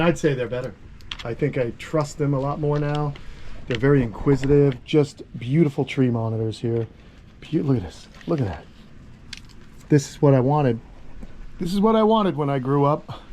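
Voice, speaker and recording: A man running a reptile sanctuary, chatting casually to viewers while coaxing his animals in a gentle voice, recorded outdoors on a head-mounted camera. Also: mid-range voice, normal speed, slight background noise. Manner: soft coaxing talk to the animals. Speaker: reptile sanctuary keeper and vlogger. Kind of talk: casual vlog chat. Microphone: head-mounted action camera.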